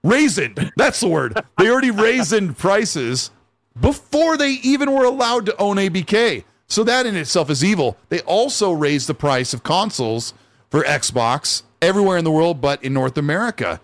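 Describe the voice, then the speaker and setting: A man co-hosting a gaming news podcast, his voice a little high. He is jokey and casual and reads viewer messages aloud. The sound is dry and close, with no room around it. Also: lively intonation, normal speed, no room sound. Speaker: podcast co-host.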